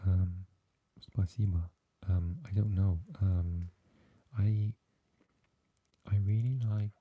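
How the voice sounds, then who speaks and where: A Welsh man hosting a whispered ASMR live chat, talking softly and haltingly with lots of fillers as he answers viewers. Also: sits low, husky, muffled recording. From Wales. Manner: soft and halting, with many fillers, chatting with viewers. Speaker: ASMR livestream host.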